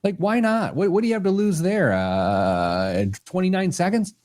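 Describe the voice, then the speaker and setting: A man hosting a podcast in casual chat, animated and thinking aloud, a little self-deprecating. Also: high-pitched, normal speed. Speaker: podcast host.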